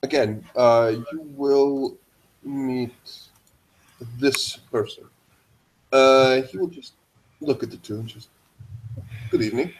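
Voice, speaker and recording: A man's voice: medium pitch, slow pace, pauses often, low-quality recording. Man narrating as game master. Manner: descriptive, hesitant with fillers. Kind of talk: narrating a tabletop role-playing game.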